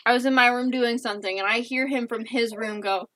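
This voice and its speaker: A woman's voice: on the high side, steady tone, fairly quick, a bit bright. Giggly young woman telling a story. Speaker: podcast co-host. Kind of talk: casual chat, storytelling.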